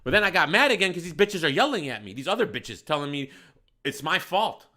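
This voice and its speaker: A bar owner tells an animated story, full of swearing and emphasis. His voice sits high and sounds bright and forceful, and he often laughs as he talks. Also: brisk. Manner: profane, emphatic, laughs while telling.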